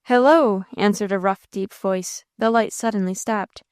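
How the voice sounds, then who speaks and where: A woman narrating a classic novel in a steady, measured audiobook reading. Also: mid-range voice, clear, resonant tone, no room sound, clean studio sound.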